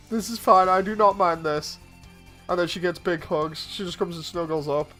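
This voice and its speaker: A man's voice: high-pitched, fairly even intonation, moderate pace, pauses often, a bit bright, soft background music. A man streaming, telling amused anecdotes in casual chat and chuckling often.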